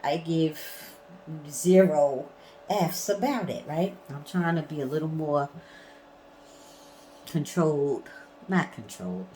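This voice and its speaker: A woman's voice: deep voice, expressive, takes it slowly, long pauses, warm tone, a little hiss or hum, poor audio. A woman vlogging in a casual storytelling way, blunt and emphatic, swearing freely.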